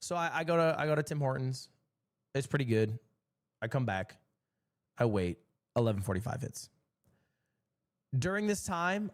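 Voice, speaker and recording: A man streaming, telling a story in a casual, animated and exasperated way. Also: mid-range voice.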